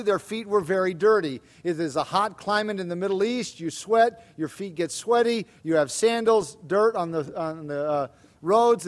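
A man preaching an expository sermon, pausing and stressing quoted lines. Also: high voice.

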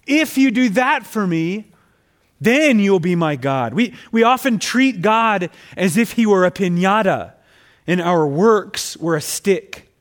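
Reading scripture aloud during his sermon, a man with a slightly high voice builds emphasis as he presses each point, calling his listeners friends.

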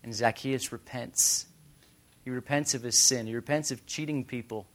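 Man preaching in a conversational way. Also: medium pitch. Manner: conversational, animated storytelling with quick voices for crowds. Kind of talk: casual sermon with acted-out scenes.

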